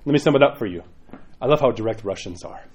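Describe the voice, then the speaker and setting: A man's voice: mid-range voice, expressive, fast, darkish tone. A man, a parish priest, giving an informal sermon in a rambling, chatty way with frequent asides.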